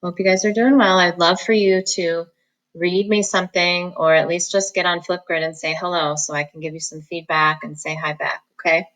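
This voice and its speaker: A woman teacher giving an online phonics lesson, dictating sentences slowly and sounding out each syllable. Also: on the low side, steady tone, fairly bright tone, poor audio. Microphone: recorded at a computer for students at home.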